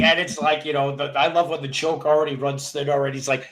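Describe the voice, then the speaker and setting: A man's voice: medium pitch, flat delivery, fairly quick, hardly any pauses, fairly bright tone, poor audio. A man hosting a casual chat show, rambling and joking and swearing freely. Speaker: podcast host.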